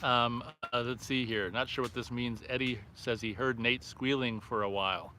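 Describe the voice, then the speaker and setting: Bright-voiced man reading chat aloud. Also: mid-range voice, steady tone, moderate pace, slight background noise. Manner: reads viewer comments aloud, then reacts offhandedly. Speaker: livestream host reading chat. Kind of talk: casual live-stream chat. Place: outdoors by a fire at night.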